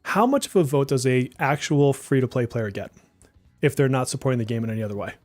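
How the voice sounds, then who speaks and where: A man with a faint Boston accent, co-hosting a casual podcast, relaxed and chatty with lots of fillers. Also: mid-range voice, fast talker, faint music behind. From New Jersey and Massachusetts, US. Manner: relaxed, chatty, laughs often, many likes. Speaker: podcast co-host.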